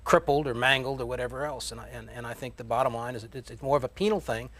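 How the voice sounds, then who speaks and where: A man's voice: mid-range voice, quick pace, a bit bright. A man on a TV panel explaining his view in a plain, matter-of-fact way. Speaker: panel guest. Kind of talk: panel talk show debate.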